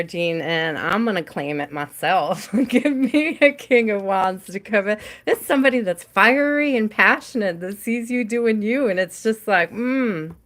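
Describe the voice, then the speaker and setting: A woman's voice: medium pitch, a bit bright. A woman hosting a live tarot stream, reading cards for viewers by name in a chatty way and laughing often.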